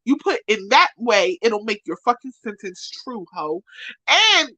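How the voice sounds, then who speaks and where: A woman speaking, ranting profanely and trading insults on a live stream, loud one moment and muttering the next. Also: on the high side, very animated, unhurried, no room sound, poor audio. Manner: profane, insulting, repetitive, swings from shouting to muttering. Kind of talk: angry rant to a live stream.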